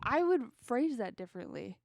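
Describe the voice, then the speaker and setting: Lively, animated young woman co-host. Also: on the high side, normal speed, vocal fry, no echo, studio quality. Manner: animated storytelling, laughs often. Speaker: podcast co-host. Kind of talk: casual chat.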